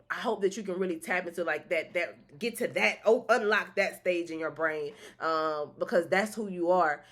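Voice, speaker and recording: Woman, vlog host, casual slangy chat, bright forceful voice, lots of ums and restarts. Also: on the low side. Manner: chatty, slangy, many fillers and restarts; laughing, excitable asides.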